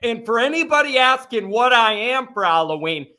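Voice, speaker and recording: A man's voice: very high voice, very animated, normal speed, pushed and bright. A man hosting a live sports reaction show, talking in a fired-up, ranting way.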